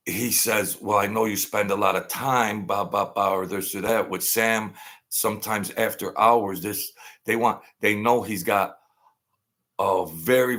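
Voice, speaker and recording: A man telling stories in a rambling, animated way, often repeating himself and acting out quoted voices. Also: low-pitched. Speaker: host telling stories from mob life. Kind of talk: casual storytelling monologue. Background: lawnmower outside.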